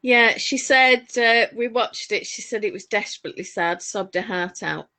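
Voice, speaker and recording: A woman's voice: mid-range voice, normal speed, sharp tone. A woman with a Northern English accent, co-hosting a knitting chat, telling stories with rambling asides. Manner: chatty storyteller, rambling asides. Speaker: podcast co-host. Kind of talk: casual chat while knitting.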